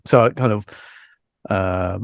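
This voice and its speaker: A man hosting a podcast, chatting frankly with lots of fillers and restarts while low on energy after an illness. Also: takes it slowly, creaky, clean tone, no room sound. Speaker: podcast host. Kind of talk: casual podcast chat.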